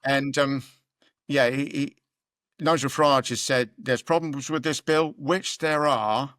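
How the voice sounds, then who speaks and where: A British man talks in a loose, rambling way, full of "um"s and restarts, in an everyday mid pitch. The sound is dry and close, with no room around it. He co-hosts a casual political chat. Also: steady tone, measured pace, fairly bright tone, dry recording. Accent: British English. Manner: rambling, conversational, frequent fillers and restarts. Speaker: podcast co-host.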